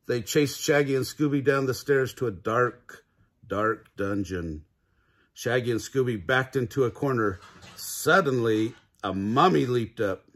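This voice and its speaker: Old grandpa reading a kids book, super slow, kinda husky, chuckles a lot. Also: male voice, mid-range voice, expressive. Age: older. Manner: chuckles between lines, warm storytelling. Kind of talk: reading a picture book aloud.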